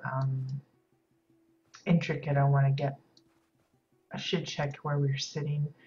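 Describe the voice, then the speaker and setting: A woman streamer chatting casually as she decorates in a game, rambling and hesitant with many fillers, her voice a little worn. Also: low-pitched. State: losing her voice. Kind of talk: casual live-stream commentary. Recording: dull lo-fi stream audio with music.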